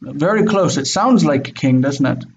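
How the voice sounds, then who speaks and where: A man teaching a Biblical Hebrew class over a video call, drilling pronunciation slowly and patiently. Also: fairly high pitch, lively intonation, poor audio. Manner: slow, careful pronunciation drills.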